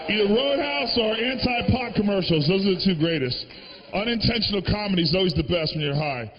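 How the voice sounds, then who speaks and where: Brash, high-voiced profane comedian. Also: male voice, lively intonation, fairly quick, big-room sound. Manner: brash, profane, shouting rants. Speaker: stand-up comedian. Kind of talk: stand-up comedy set. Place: stage, live show. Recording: dull lo-fi live recording.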